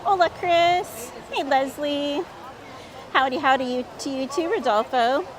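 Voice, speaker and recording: A woman hosting a casual live stream outdoors in a busy theme park. She chats upbeat with viewers, a little hoarse, on a handheld phone. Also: sits high, unhurried. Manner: chatty and upbeat, reads out viewer comments. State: slightly hoarse, voice cutting in and out. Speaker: livestream host. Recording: loud crowd and outdoor noise.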